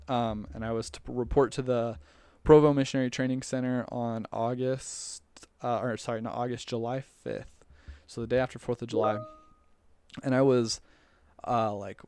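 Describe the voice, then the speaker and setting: A young man tells a personal story in a loose, rambling way, full of fillers and restarts. His voice sits at a middle pitch and comes through smooth and clear. The sound is dry and close. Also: a little mellow, dry recording. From United States. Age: young adult. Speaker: returned missionary telling his story.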